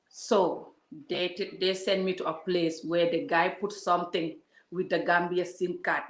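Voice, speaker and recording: A woman with a lowish, fairly bright voice rants at her viewers in a casual vlog. She scolds them heatedly, talking straight to the camera, and the room gives off a noticeable echo.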